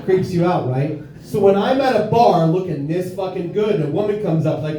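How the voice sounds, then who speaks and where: A man's voice: high-pitched, a little fast, hardly any pauses, mellow, very echoey. A young adult man doing a brash, profane stand-up set in a bar, recorded live from a distance. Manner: brash, profane, self-mocking. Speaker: stand-up comedian. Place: bar comedy stage with live audience.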